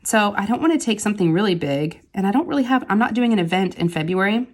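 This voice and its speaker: A woman's voice: mid-range voice, expressive, quick pace. A woman, a mother, chatting casually and rambling as she works on a craft project, laughing easily between thoughts. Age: adult with kids. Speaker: crafting channel host. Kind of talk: casual chat while diamond painting.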